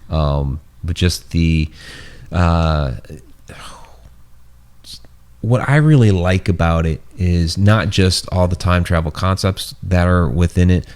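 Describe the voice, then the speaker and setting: A man's voice: low-pitched, unhurried, darkish tone, clear, resonant tone. A man hosting a casual podcast chat, rambling with many fillers and restarts as he starts to lose his voice. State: losing his voice. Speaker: host.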